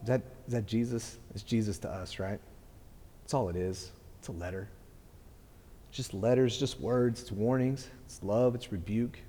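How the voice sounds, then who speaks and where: Middle-aged male pastor, earnest sermon, low warm voice, hall reverb. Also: moderate pace, slight background noise. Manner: earnest, repeats words, restarts phrases. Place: church hall.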